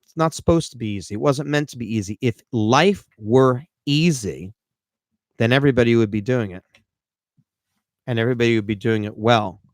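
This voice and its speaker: A man with a mid-range voice hosts a live podcast as a life coach, speaking at a moderate pace in an animated, rambling way. He jokes at his own expense and restarts often, and the studio-quality audio has no echo.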